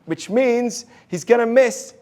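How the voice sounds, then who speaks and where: High voiced rabbi guy, earnest storytelling, talking to a crowd about faith. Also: slow. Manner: earnest storytelling, drops to a hush for quoted lines. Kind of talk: inspirational talk to an audience.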